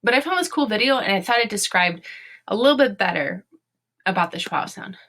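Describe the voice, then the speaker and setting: A woman's voice: medium pitch, lively intonation, creaky, fairly bright tone. Woman teacher sounding out letters. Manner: patient, sounding out letters slowly. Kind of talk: home video phonics lesson for children.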